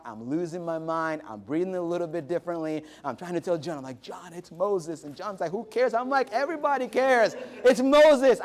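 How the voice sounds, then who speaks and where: A man hosting a late-night show, telling stories with animated delivery that drops to a soft, reflective tone. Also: sits high. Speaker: host.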